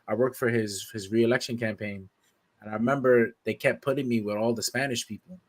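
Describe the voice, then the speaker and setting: A man's voice: medium pitch, brisk. A man telling funny stories in casual chat, laughing and acting out the people he quotes. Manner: animated, laughing, slips into quoted voices.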